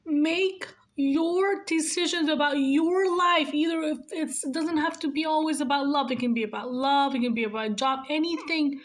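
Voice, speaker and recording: Woman in her forties, nurse, heartfelt monologue, earnest, repeats herself for emphasis, slightly high voice. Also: moderate pace, few pauses. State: emotional. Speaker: nurse sharing life advice.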